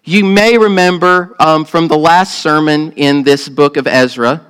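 A man's voice: a little high, fairly even intonation, unhurried, fairly bright tone, clear, resonant tone, low-quality recording. A man with a Southern US accent, a pastor preaching earnestly and asking the congregation questions. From Southern United States. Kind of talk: sermon with opening prayer.

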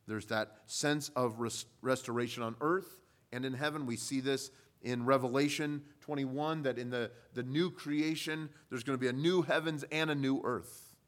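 A man preaching a sermon, measured and deliberate, building from quiet, low passages to loud, emphatic ones. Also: steady tone.

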